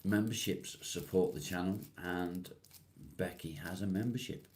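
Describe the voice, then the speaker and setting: A man's voice: deep voice, measured pace. A man from England, hosting a live stream and casually answering viewer comments one by one, calling people mate. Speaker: livestream host.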